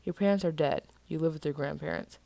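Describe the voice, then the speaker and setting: A woman's voice: deep voice, fast, creaky, dry recording. Woman reading as a cold, menacing young vampire. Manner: calm, commanding, threatening.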